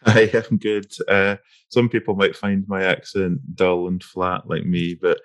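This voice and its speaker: A man's voice: low voice, flat delivery, a little slow, no room sound. A man from Scotland with a Scottish accent, a guest crime author chatting casually, self-deprecating and laughing a lot. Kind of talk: casual interview chat.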